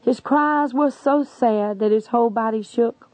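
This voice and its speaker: A woman's voice: fairly high pitch, a little slow, a little mellow, no echo. A woman preacher giving an earnest, imploring testimony sermon. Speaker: evangelist. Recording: dull lo-fi recording.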